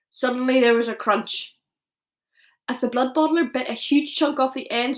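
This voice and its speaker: A woman teacher reading a children's novel aloud, expressive, with small slips as she goes. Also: on the high side.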